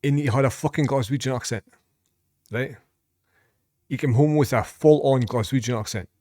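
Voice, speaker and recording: A man's voice: medium pitch, moderate pace, darkish tone, no room sound, clean studio sound. A Scottish man giving rambling, casual reaction commentary as a vlogger, swearing freely as he talks.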